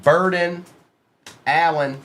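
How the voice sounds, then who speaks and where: A man's voice: on the high side, steady tone, slow, a bit bright, a little hiss or hum. A man hosting a live sports card break, reading out player names from the pulls and chatting casually with viewers in the stream chat.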